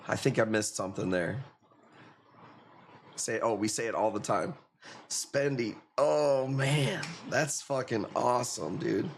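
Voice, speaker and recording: A man with a Chicago accent hosts a live coral-sale stream, chatting casually in a mid-range voice with lively intonation. He's unhurried and laid-back, leaving long pauses, swearing and laughing often, with slight background noise.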